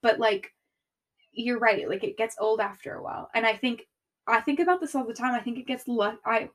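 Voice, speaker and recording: A woman's voice: fairly high pitch, a little fast, a bit bright. A young American woman co-hosting a podcast, chatting casually with many fillers and frequent laughs. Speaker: podcast co-host. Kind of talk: casual chat.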